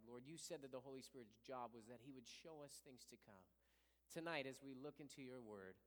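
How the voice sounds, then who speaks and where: A man pastoring a church, leading a fervent prayer and preaching a sermon with repeated invocations. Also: medium pitch. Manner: rising to impassioned preaching. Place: church sanctuary. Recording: long hall reverb.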